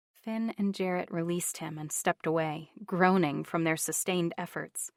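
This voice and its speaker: Reading from a novel, a female audiobook narrator delivers scripted narration in an even, measured manner. Her voice is fairly low, and the dry recording has studio quality.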